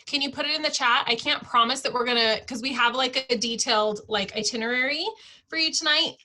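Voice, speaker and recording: A woman hosting a team training call over video, talking in a chatty, upbeat way with quick asides. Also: high-pitched, sharp tone. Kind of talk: casual online tutorial chat.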